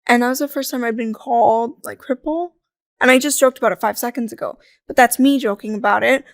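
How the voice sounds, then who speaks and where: A young adult woman chatting as a podcast guest, telling lively stories, acting out quoted voices and laughing often. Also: on the high side, brisk, no echo, studio quality. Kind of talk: casual conversational interview.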